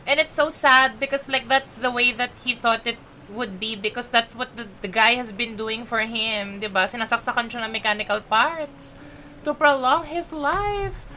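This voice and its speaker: A woman's voice: on the high side, steady tone, moderate pace, bright, forceful tone, slight background noise. A woman with a Filipino accent chatting casually on a live game stream, talkative and emotional, switching between English and Tagalog.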